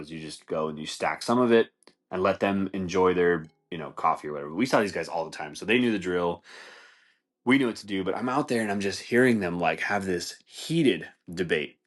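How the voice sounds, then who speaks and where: Low-voiced man telling a story. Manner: animated, swears, says dude a lot. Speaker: podcast host. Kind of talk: casual storytelling.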